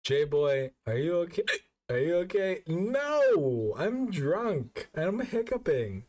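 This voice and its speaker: A drunk, hiccuping man talking on a live stream, his pitch swinging wildly as he swears and laughs at himself. He talks slowly and loosely, with plenty of cursing. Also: very animated, a little mellow, far from the mic. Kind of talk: casual live-stream chat.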